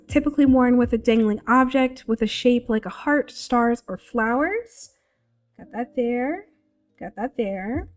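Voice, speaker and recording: A congested woman giving a casual tutorial, rambling with lots of fillers and restarts. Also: a little high. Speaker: VTuber tutorial creator.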